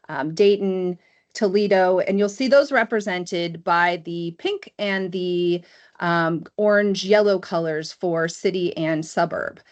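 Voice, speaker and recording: A woman presenting education research at an academic forum, walking the audience through a map step by step. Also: medium pitch.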